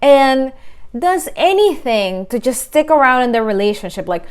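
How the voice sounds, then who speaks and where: A woman's voice: fairly high pitch, very animated, moderate pace, clean tone. A woman relationship coach giving blunt, emphatic advice straight to her viewers and acting out the voices she quotes. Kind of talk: direct-to-camera advice talk.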